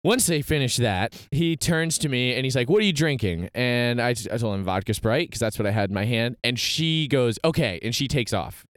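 A young man tells a story in a smooth, resonant voice, recorded close and dry. He talks in a lively way, laughing and acting out what people said. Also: mid-range voice, normal speed, hardly any pauses, no room sound. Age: young adult. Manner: animated storytelling with laughs and acted quotes. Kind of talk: casual chat.

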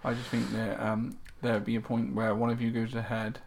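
A man interviewing casually, asking questions in a hesitant, halting way. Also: medium pitch, little pitch movement, creaky. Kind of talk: casual chat.

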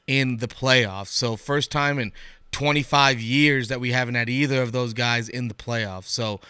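A man co-hosting a podcast in casual sports chat, animated and acting out what coaches say. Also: medium pitch, measured pace, smooth, no echo. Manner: animated, acts out quoted coaches. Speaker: podcast co-host.

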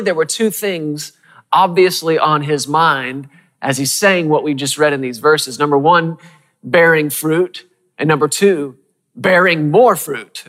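Emphatic preacher in a reverberant hall. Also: male voice, fairly high pitch, fairly bright tone. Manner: emphatic, repeats key phrases, asks the audience questions; reads scripture slowly and deliberately. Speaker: pastor. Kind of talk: sermon.

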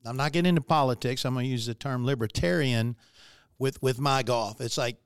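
A man's voice: mid-range voice, a little fast, clear, resonant tone, no room sound. A man in casual conversation who talks in a wry, opinionated way and slips in dry jokes. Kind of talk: casual chat.

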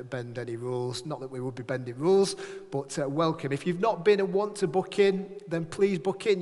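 A man's voice: on the high side, a little mellow. A man leading a church service, giving notices in a chatty, joking, rambling way to a live congregation. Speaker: church leader. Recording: echoey hall.

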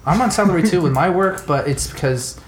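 A man's voice: on the high side, expressive, brisk, a little hiss or hum. A young man co-hosting a casual podcast chat, swearing freely, ranting and laughing often. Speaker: podcast co-host.

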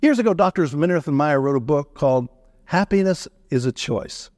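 Older guy preaching folksy and funny on the radio, slightly high voice, dry studio sound. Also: animated, moderate pace, darkish tone, dry recording. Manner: folksy, humorous, quotes scripture. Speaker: radio speaker on retirement. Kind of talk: sermon-style talk.

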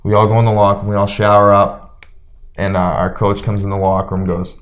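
A young man, a former hockey player, telling stories in a relaxed way as an interview guest and acting out what others said. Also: lowish voice, fast talker. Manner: relaxed storyteller who acts out quotes. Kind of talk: casual storytelling interview.

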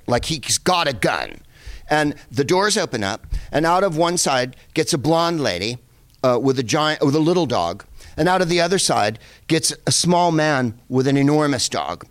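A middle-aged man casually telling a lively anecdote, full of asides and the odd curse. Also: a little high. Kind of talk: casual storytelling.

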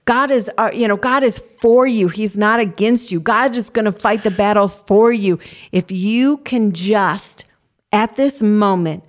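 Woman, mid-pitched voice, earnest encouraging preacher, leads prayer. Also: a little slow. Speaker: co-host.

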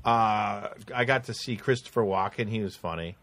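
A male podcast host with a fairly low voice chats casually at a moderate pace. He is an animated storyteller and swears a great deal.

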